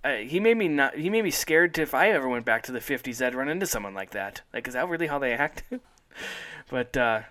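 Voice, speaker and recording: A man's voice: medium pitch, expressive, a little fast, pushed and bright. A man hosting a casual podcast chat, rambling enthusiastically and laughing often. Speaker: podcast host.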